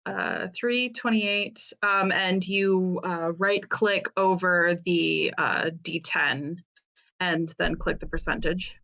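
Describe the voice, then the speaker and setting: A woman's voice: fairly low pitch, fairly even intonation, takes it slowly, creaky, sharp tone. A woman playing a tabletop game, talking hesitantly and correcting herself. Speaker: player. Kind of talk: casual game chat. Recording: dull lo-fi microphone.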